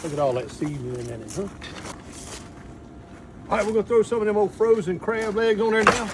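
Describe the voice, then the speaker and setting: Folksy high-voiced man outdoors. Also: brisk. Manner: folksy, talks the viewers through each step. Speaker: cook showing a crawfish boil. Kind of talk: casual cooking demonstration. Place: outdoors by a boil pot. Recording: loud outdoor noise.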